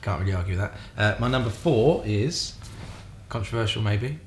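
A man's voice: lowish voice, expressive, normal speed. A Scottish man co-hosting a podcast, chatting casually in a laid-back way, chuckling and trailing off mid-sentence. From Scotland. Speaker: podcast co-host. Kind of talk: casual chat. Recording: roomy echo, faint ambient noise.

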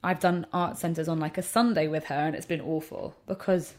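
A woman comedian, chatting casually in an interview and acting out the people in her stories. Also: deep voice. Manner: animated storyteller, quick to act out quotes. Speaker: stand-up comedian and character act.

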